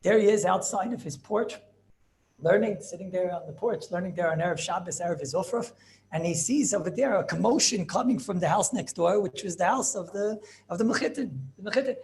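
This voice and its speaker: A man with telling a Torah story as a rabbi, acting out the characters in an animated way. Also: fairly quick, creaky, slight background noise. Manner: animated, acts out characters with shifting pitch.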